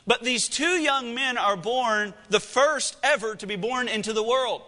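A man preaching a sermon as pastor, swinging from loud, excited lines to hushed, slow ones. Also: extremely high pitch, long reverb tail.

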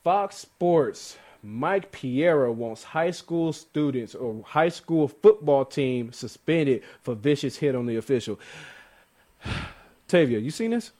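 Animated young man, casual sports chat. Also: medium pitch, slow. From Sacramento. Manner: animated, laughing, restarts often. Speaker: podcast co-host.

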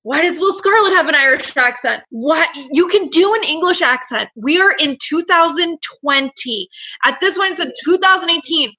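Bright high-voiced ranting woman. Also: expressive, moderate pace. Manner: blunt, ranting, swears freely. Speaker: podcast host. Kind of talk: casual movie review chat.

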